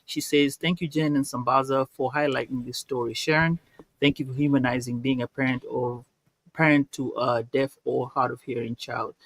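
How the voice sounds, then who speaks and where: Male podcast co-host, soft-spoken, halting, reads listener comments. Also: medium pitch, steady tone, no echo, rough recording. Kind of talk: casual chat, reading listener comments.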